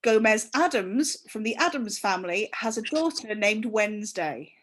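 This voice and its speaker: A woman, a comedian guest speaking in casual banter with a deadpan delivery. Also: mid-range voice, normal speed.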